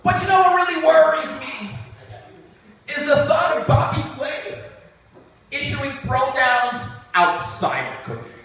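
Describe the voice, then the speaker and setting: A man doing a stand-up set at an open mic, telling stories in an animated, profane way. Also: very high voice, a little slow, faint music behind. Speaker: stand-up comedian. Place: open mic comedy venue. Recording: echoey room, distant mic.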